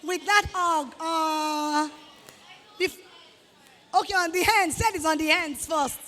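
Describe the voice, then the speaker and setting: A Nigerian-accented woman with a high, bright voice lectures students with lively scolding energy, acting out the people she quotes. Her talk rings through a large hall with a long reverb tail. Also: takes it slowly. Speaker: guest speaker to students. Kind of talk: motivational talk.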